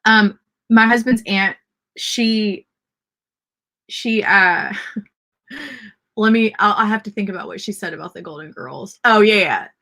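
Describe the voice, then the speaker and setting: A woman's voice: mid-range voice, unhurried, long pauses, sharp tone. A woman with a Southern accent hosting a casual livestream writing sprint and cheering on viewers' word counts. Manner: chatty, cheers readers' comments. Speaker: livestream host.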